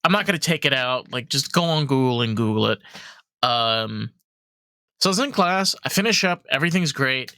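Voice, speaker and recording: A young man hosting a podcast, telling animated, profanity-laced stories in casual chat full of fillers. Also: medium pitch, normal speed, clear, resonant tone, no echo, studio quality. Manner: animated storyteller, swears freely, many fillers. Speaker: podcast host.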